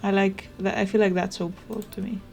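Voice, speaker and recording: A young woman chatting casually as she plays a video game, rambling and thinking out loud. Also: medium pitch, little pitch movement, a little fast, vocal fry. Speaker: gaming streamer. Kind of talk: casual let's play commentary. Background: game music.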